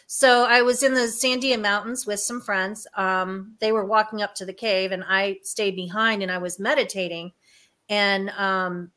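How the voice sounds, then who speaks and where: Bright-voiced woman guest telling stories. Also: medium pitch. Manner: rambling, with many fillers. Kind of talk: casual storytelling on a talk show.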